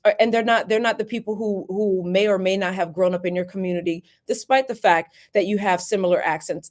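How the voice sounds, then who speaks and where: A woman coaching viewers on workplace communication in a live stream. She talks emphatically and chattily, hammering key points home by repeating them. Her voice sits at an ordinary mid pitch. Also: a little mellow. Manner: emphatic, repetitive, chatty asides. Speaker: workplace lawyer and career coach. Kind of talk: live-streamed career advice.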